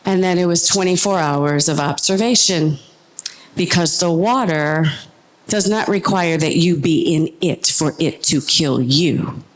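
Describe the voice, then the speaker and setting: Middle-aged woman telling a true story live on stage, lowish voice, earnest and vivid. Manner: vivid, earnest, builds tension with pauses. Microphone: handheld stage microphone.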